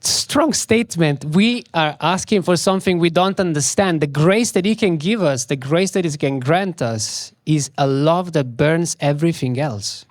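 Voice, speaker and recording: Man giving a slow, emphatic spiritual talk. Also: a little high, animated, no room sound, studio quality. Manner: slow, emphatic, repeats key words.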